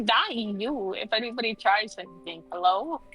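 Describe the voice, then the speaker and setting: A woman's voice: a little high, animated, measured pace, fairly bright tone, soft background music, poor audio. A woman guest on a livestream, chatting casually and rambling with lots of fillers. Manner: rambling, full of fillers like "you know". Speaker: guest streamer.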